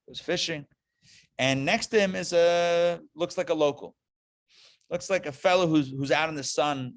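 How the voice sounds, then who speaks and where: A man, a rabbi, giving a lively lecture with storytelling to a live class, talking conversationally and checking in with listeners through quick questions. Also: on the high side. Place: live class before an audience.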